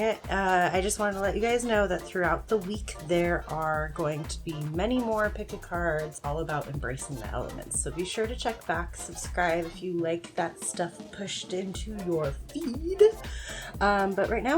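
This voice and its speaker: A woman's voice: on the low side, lively intonation, normal speed, over music. A woman giving a casual, frank pick-a-card tarot reading, encouraging and swearing now and then. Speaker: tarot reader.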